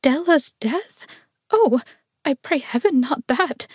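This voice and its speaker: A woman's voice: on the high side, unhurried, darkish tone, no room sound, clean studio sound. A woman reading aloud voices a tender, passionate young woman who speaks in a pleading, quivering way, in a raised voice. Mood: anguished. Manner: pleading, tremulous.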